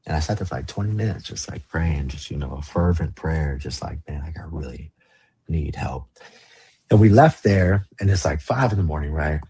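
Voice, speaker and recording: A man's voice: a bass voice, expressive, brisk, hardly any pauses, warm tone, slightly rough. A man from the San Fernando Valley, a podcast guest telling his story in a casual, rambling way, swearing and leaning on "like" and "you know". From Los Angeles, San Fernando Valley. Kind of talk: candid storytelling interview.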